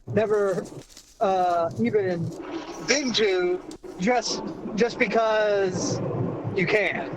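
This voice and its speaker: Man, high pitch, stammering political argument, noisy distant mic. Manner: halting, repeats words while building an argument. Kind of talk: casual political discussion.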